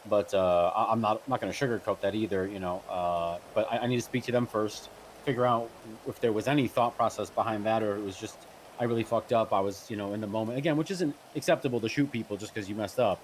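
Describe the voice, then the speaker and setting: A man playing a police captain in a roleplay, firm and measured, with frequent restarts. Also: lowish voice, a little hiss or hum, low-quality recording. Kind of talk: in-character roleplay conversation.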